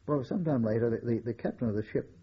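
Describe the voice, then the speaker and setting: An older man, a war veteran, recalling his memories in a measured oral-history style with occasional wry chuckles. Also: medium pitch, slightly rough, muffled recording.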